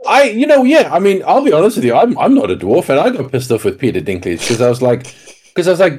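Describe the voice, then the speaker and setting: A man's voice: on the high side, big pitch swings, fast talker, darkish tone, slight background noise. A man co-hosting a casual podcast chat, rambling and swearing freely as he rants. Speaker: podcast co-host.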